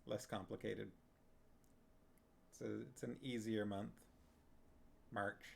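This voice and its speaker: A man's voice: on the low side, little pitch movement, takes it slowly, vocal fry, a little hiss or hum. A man streaming live, chatting casually and rambling as he reacts to messages from his viewers. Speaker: streamer reading a book with viewers.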